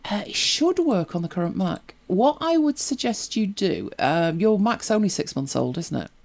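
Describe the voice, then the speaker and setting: Gravelly and expressive, the mid-range voice of this tech help show host moves at a normal speed. They handle viewer questions in casual, chatty talk, laughing easily and repeating words on starting.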